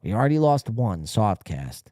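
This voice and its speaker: A man's voice: lowish voice, big pitch swings, moderate pace, warm tone, dry recording, clean studio sound. A man hosting a live stream podcast, ranting casually in a blunt, profane, rambling way.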